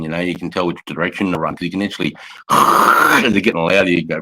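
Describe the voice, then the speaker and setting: Deep-voiced swearing Australian man. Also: steady tone, brisk, sharp tone, low-quality recording. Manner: swears freely, calls people mate. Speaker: veteran guest. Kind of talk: casual chat.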